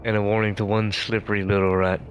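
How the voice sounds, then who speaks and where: A man voicing a rough, drunken male pirate thug with a fawning, mock-humble manner and stumbling speech. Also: fairly low pitch, level tone, fast talker, slight background noise, close to an everyday voice. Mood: sly, threatening. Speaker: player.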